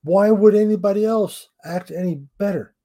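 A man's voice: sits high, normal speed, warm tone. A middle-aged man co-hosting a casual wrestling podcast, blunt and emphatic, swearing freely. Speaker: podcast co-host.

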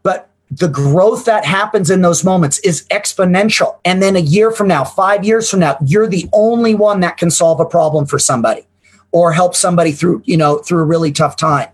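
A man's voice: high voice, slightly rough. A man co-hosting a business podcast, talking in a motivational, emphatic way with the odd swear word. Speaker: podcast co-host. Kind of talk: casual business podcast talk.

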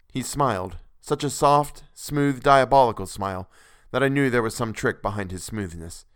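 A man's voice: medium pitch, normal speed, a bit bright, clear, resonant tone, no echo. A man narrating a classic novel in the first person with earnest, dramatic delivery, recorded on a close microphone.

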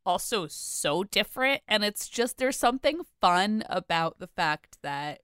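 A woman chats casually as a podcast co-host, her pitch swinging all over as she gushes. Her voice is smooth and resonant, and it sounds dry and close. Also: measured pace, dry recording. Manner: animated, gushing, filler-heavy. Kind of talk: casual chat.

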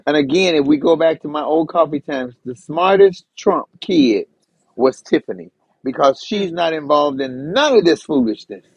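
Brief: blunt, wry man host, gravelly and husky, dry, dull lo-fi sound. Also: fairly high pitch, animated, normal speed, no room sound. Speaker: podcast host. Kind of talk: casual political chat.

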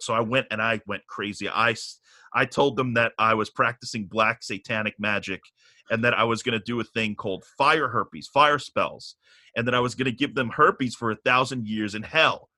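A middle-aged man casually telling a long story on a podcast, animated and profane, getting riled up as he goes. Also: medium pitch, moderate pace, dry recording.

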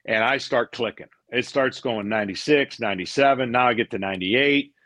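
A middle-aged man, a former pitcher, telling stories in a casual interview; he acts out what people said and often repeats words as he goes. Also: fairly quick, no echo. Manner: animated storyteller, acts out quotes, repeats words.

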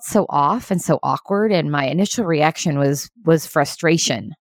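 A woman's voice: low voice, no room sound, studio quality. A woman giving an earnest, emphatic motivational talk to leaders. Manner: earnest, fast-paced and emphatic.

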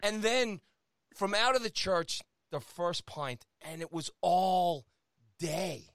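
Male podcast host, teasing and jokey, slightly high voice, dry close-miked sound. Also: a bit bright, dry recording. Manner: playful, quick to laugh and tease. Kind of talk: casual chat.

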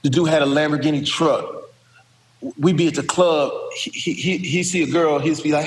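Lively middle-aged man telling stories. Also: on the high side, normal speed. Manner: lively, profane, does voices. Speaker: actor and comedian guest. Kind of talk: animated storytelling. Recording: roomy with long reverb.

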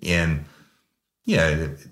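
A man's voice: extremely low pitch, fairly even intonation, slow, a bit bright. A man, a former police sergeant, telling a crude story bluntly with lots of restarts. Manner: blunt, profane, many restarts.

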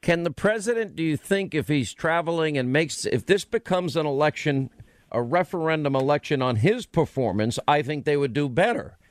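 A man hosting a political talk radio show, talking in an emphatic, rhetorical way with quick restarts. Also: on the high side, expressive, dry recording.

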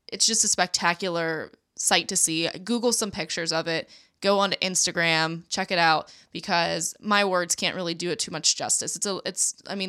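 Chatty woman with vocal fry. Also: on the low side, bright, forceful tone. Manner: chatty, lots of fillers and restarts. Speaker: podcast co-host. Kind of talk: casual chat.

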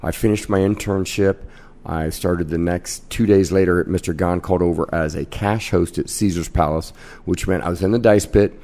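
A man in his fifties, originally from Kansas, spins brash, animated anecdotes about his casino-host career in a podcast interview. His voice sits very low and carries a rough, gravelly edge. He talks with swagger and punchy timing. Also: moderate pace.

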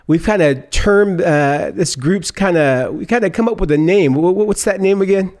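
A man's voice: high-pitched, normal speed, a little mellow. A man co-hosting a podcast, casually interviewing guests with enthusiastic, affirming interjections. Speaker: podcast co-host.

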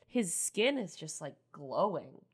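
Podcast co-host, woman from Canada, 30s; lower voice, swings widely, jokey. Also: slow, slightly rough. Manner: animated, jokey, fond of exaggeration. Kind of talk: casual chat about a film.

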